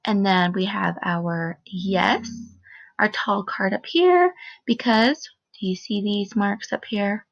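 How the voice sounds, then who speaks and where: Patient first grade teacher, slightly gravelly. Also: female voice, medium pitch. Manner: slow, clear, encouraging teacher talk with modeled expression. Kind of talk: recorded phonics lesson for children. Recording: dull, lo-fi sound.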